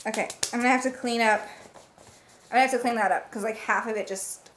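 A young woman on her vlog, casual and gushing, gasping with excitement as she unboxes. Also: fairly high pitch, fast. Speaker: book vlogger. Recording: echoey room with faint hiss.

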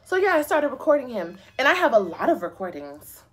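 A woman's voice: high-pitched, very animated, brisk, fairly bright tone, breathy edge. A young woman livestreaming from her phone, ranting to viewers in a blunt, profane, sassy way and laughing often. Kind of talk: casual live-stream rant.

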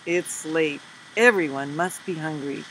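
A woman reading the lines of a kind, grateful male bookstore owner in a storybook, speaking gently and slowly. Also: low voice, slight background noise, poor audio.

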